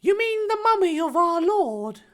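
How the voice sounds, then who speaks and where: A man putting on a very high voice for an earnest, shocked, devout schoolboy in a comedy reading. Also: wildly swooping pitch, a little slow, bright, forceful tone, heavily acted. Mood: indignant. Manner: indignant, pious.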